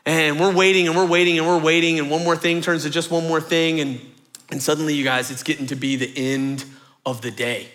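A man in his thirties preaching a sermon, telling a story in lively fashion and repeating phrases for rhythm. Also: on the high side, a little fast. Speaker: pastor.

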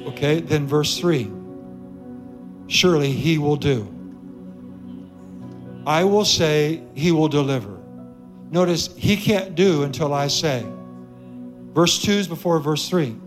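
Male pastor, sermon delivery, emphatic and playful, fairly high pitch, light music bed. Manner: emphatic, repeats key phrases, jokes with the congregation. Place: church sanctuary with congregation.

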